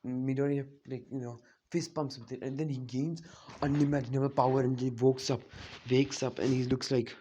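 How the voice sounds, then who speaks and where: A man's voice: mid-range voice, mellow, a little hiss or hum. A man casually retelling a fan story, rambling with many "you know, like" fillers.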